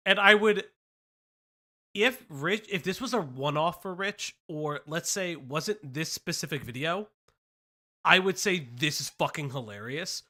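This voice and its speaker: Animated, bright-voiced laughing man. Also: fairly high pitch, a little slow. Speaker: livestream host. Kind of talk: casual livestream chat.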